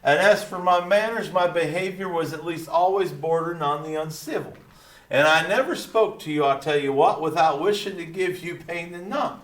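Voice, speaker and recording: A male teacher reading a lesson aloud while voicing a folksy, proud small-town dad with a slow drawl and pet phrases. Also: fairly high pitch, fairly bright tone, natural voice. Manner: slow Texan drawl, repeating catchphrases. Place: classroom. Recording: roomy echo.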